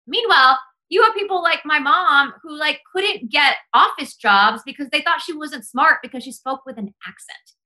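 A woman's voice: high-pitched, expressive, normal speed, pushed and bright. A young woman from the United States, a podcast guest speaking earnestly and passionately in casual conversation, often saying "like". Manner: impassioned, earnest, heavy use of "like".

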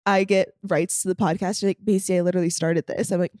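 A young woman, a podcast guest, chatting casually and telling an animated story, acting out quotes and laughing often. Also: on the low side, quick pace, no room sound, studio quality. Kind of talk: casual chat.

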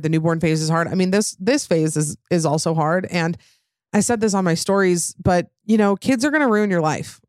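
A woman's voice: lowish voice, a little mellow, dry recording, clean studio sound. Candid young woman chatting, lots of fillers. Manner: rambling, filler-heavy, frank with swearing. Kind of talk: casual candid chat.

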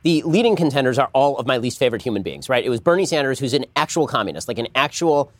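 A man's voice: mid-range voice, lively intonation, fast talker, dry recording. A man in his thirties giving political commentary in a roundtable, emphatic and sarcastic. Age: 30s. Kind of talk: fast political commentary in chat.

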